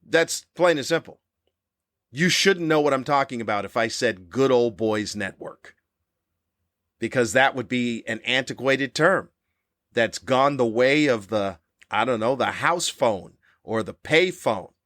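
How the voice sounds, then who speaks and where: A man in his fifties hosting a podcast, delivering a cranky comedic monologue with animated, ranting jabs. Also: unhurried, no echo, studio quality. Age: 50s. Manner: animated, ranting, with sudden high-pitched jabs. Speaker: podcast host.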